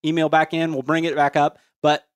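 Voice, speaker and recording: A fairly high-voiced man reads sale listings on a casual podcast, slowing down to spell handles out one letter at a time. He sits at a close studio mic, and the sound is dry and tight with no room around it. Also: flat delivery, clear, resonant tone, no echo. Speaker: podcast co-host reading listener listings.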